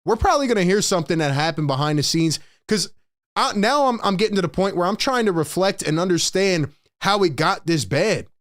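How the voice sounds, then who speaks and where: A young man hosts a live postgame stream, his voice sitting a little high. He rants with exasperation, hammering points home by saying them twice. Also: animated, a little fast, a bit bright. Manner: exasperated, emphatic, repeats lines for effect. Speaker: sports show host.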